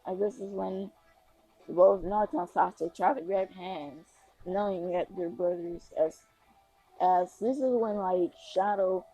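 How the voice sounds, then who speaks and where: A woman's voice: lowish voice, a little slow, warm tone, faint music behind, rough recording. A woman casually improvising a fan story, rambling with lots of fillers and restarts.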